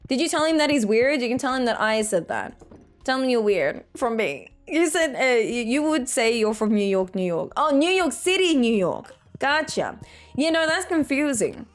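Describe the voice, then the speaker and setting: A fairly high-voiced woman in her thirties chats casually on a gaming stream. She reads viewer messages aloud and laughs often as she talks. Faint game music plays underneath. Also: big pitch swings, moderate pace. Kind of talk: casual chat while gaming.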